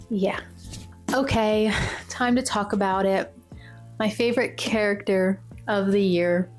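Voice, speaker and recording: Young woman, casual book vlogger, gushing, repeats herself, filler words, medium pitch, soft music behind. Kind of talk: casual chat.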